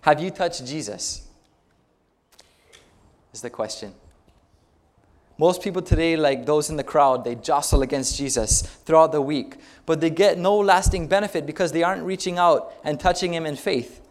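A man's voice: on the high side, moderate pace. A male pastor preaching a sermon, retelling stories in a conversational way and putting rhetorical questions to the congregation.

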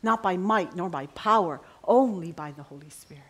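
A middle-aged woman preaching a sermon with passion, dropping to a hush and rising to ringing cries. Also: fairly low pitch, animated, moderate pace. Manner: impassioned, swings from hushed to ringing cries.

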